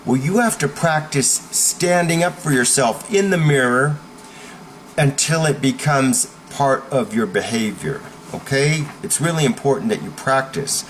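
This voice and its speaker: A man's voice: medium pitch, lively intonation, measured pace, slight background noise, rough recording. A man teaching how to stand up to bullies, speaking emphatically and checking in with the listener with a frequent "okay?". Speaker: self-help teacher. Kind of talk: instructional talk.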